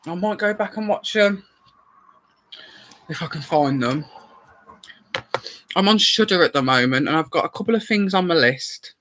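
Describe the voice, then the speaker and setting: Bloke rambling on a live stream, bit high voice, swears casually. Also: male voice, pushed and bright.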